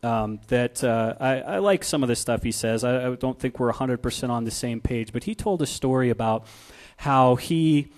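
A man's voice: mid-range voice, normal speed. A man preaching a sermon in a conversational way, asking the congregation questions. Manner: conversational, builds from quiet to loud. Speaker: pastor.

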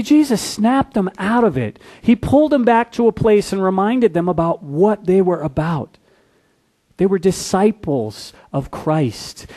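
A man preaching a sermon in a conversational way, asking the congregation questions and briefly acting out the people in the story. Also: on the high side. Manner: animated, acts out biblical characters in quick asides. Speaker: pastor.

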